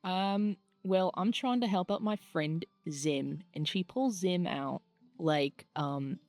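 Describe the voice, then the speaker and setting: A woman's voice: fairly low pitch, slow, darkish tone, dry recording. A woman with a Midwestern US accent playing a tabletop game, hesitant and giggly. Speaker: player. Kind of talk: casual play at a tabletop game.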